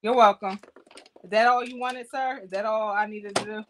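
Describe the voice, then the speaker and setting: A woman's voice: medium pitch, steady tone, normal speed, fairly bright tone, slight background noise. A woman hosting a casual livestream chat, teasing her guests and laughing a lot. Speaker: livestream host.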